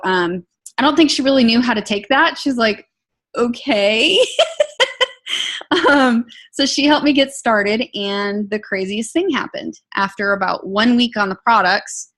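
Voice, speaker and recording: A woman giving an emotional, earnest personal testimony, talking in a lively storytelling way. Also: medium pitch. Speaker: product testimonial speaker.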